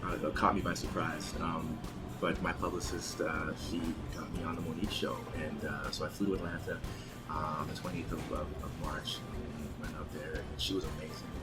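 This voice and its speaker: A man in his thirties, an actor guest in a relaxed interview at a bar, with plenty of fillers and restarts. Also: rumbling low, normal speed. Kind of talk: casual interview chat. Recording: music playing in the background.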